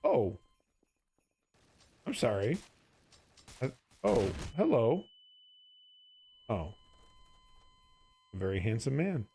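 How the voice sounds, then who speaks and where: A man's voice: on the low side, very animated, extremely slow, long pauses, warm tone, husky. A sleepy man streaming a game, rambling through goofy, profane banter as he plays. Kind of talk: casual gameplay commentary.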